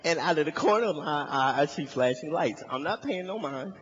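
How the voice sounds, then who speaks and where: A man's voice: a little fast, breathy edge, long reverb tail, muffled recording. A young man performing stand-up, telling a story and acting out the voices of the people in it. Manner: animated, acts out voices in high shouts. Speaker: comedian. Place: large hall with live audience.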